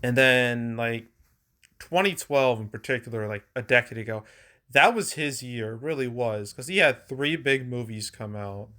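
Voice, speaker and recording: Male host, mid-pitched voice, easygoing rambling delivery with lots of "like" and the odd chuckle. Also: a little slow, pushed and bright. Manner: rambling, filler-heavy with frequent "like"; chuckles now and then. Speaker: movie box office commentator. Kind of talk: casual solo commentary.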